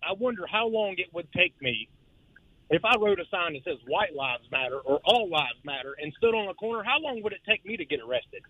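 A man's voice: high-pitched, very animated, fairly quick, no echo. A man calling in to a radio show, agitated and stammering as he talks. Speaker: caller. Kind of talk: phone-in radio call. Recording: tinny phone line.

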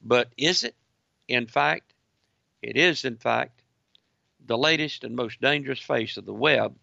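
A man delivers a commentary broadcast with a gravelly, fry-edged voice and a bright, forceful tone. He presses each point through repetition and reads articles aloud. The recording is dry and a little dull, like lo-fi broadcast audio. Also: medium pitch, a little slow, no room sound.

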